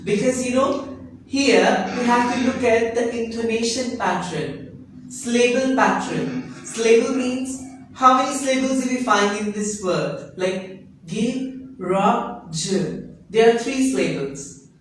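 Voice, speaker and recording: A man teaching English pronunciation in a classroom, repeating each word slowly and patiently for his students. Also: very high voice, fairly bright tone, slight background noise. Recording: echoey classroom recorded from a distance.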